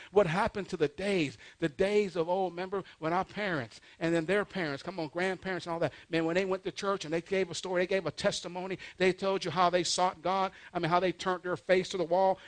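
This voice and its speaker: A man preaching a sermon, calling for responses from the congregation and swelling loud and slow when he reads scripture. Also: a little high, no echo. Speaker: pastor.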